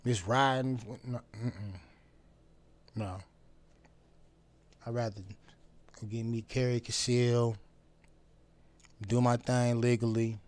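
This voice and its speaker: A man talking bluntly and profanely in a casual vlog monologue. He repeats phrases for emphasis and swings between loud outbursts and low mutters. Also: flat delivery, slow, pauses often. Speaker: vlogger.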